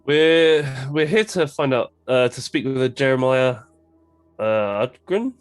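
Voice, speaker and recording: A man's voice: mid-range voice, lively intonation, unhurried, smooth, faint music behind. A man playing a tabletop game, speaking curtly and without hurry. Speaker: player. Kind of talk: in-character tabletop roleplay.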